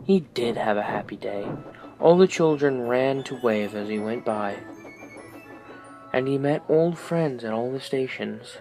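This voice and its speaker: A man's voice: medium pitch, a little slow, soft background music, rough recording. Man reading a storybook aloud. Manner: expressive reading. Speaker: narrator.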